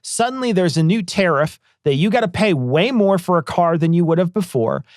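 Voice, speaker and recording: High-voiced man ranting casually. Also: animated, dry recording, studio quality. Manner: profane, rambling, quick to mock. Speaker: podcast co-host. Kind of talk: casual political chat.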